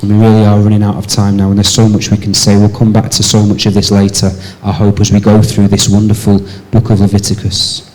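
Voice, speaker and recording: A man preaching a church sermon, asking the congregation rhetorical questions and moving between raised emphatic lines and soft, low passages. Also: monotone, fast talker, few pauses, poor audio. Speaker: pastor.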